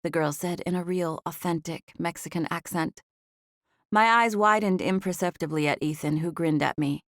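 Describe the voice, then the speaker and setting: A woman narrating a romance audiobook in the first person, with expressive storytelling. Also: lowish voice, moderate pace, dry recording, clean studio sound.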